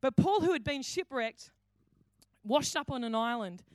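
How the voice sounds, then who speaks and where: Aussie woman pastor preaching, fairly high voice, animated, acts out the voices in her stories, dry close sound. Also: a little slow, no room sound. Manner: animated storytelling, acting out quoted voices. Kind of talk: sermon. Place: church hall.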